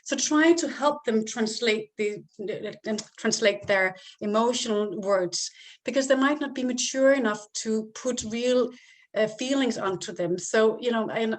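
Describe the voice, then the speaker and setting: A woman giving calm, step-by-step parenting advice as a coach, sometimes acting out what to say to a child. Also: a little high, normal speed. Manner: calm, explains step by step and acts out example phrases to a child.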